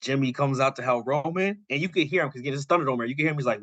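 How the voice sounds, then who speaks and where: A man's voice: medium pitch, rapid-fire, hardly any pauses, a bit bright, dry recording, dull audio. A male podcast co-host in casual chat, animatedly retelling a story and quoting characters.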